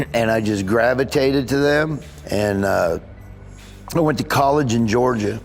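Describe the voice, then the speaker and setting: A man's voice: mid-range voice, gravelly, faint music behind. A man in his sixties, a comedian chatting in an interview, telling rambling stories. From Midwestern United States. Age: 60s. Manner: rambling, anecdotal, does quick imitations. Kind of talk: casual interview chat.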